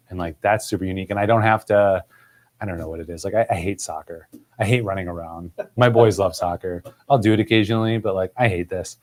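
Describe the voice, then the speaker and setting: A man's voice: lowish voice, quick pace, a little mellow. A man hosting a podcast in casual conversation, rambling and leaning on "like" as filler. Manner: rambling, heavy use of "like".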